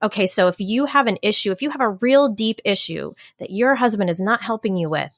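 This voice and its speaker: A woman's voice: mid-range voice, fairly quick, dry recording. A woman hosting a podcast talks in a casual, engaged way and keeps asking eager follow-up questions. Her voice is recorded dry and close, with no room sound. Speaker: podcast host.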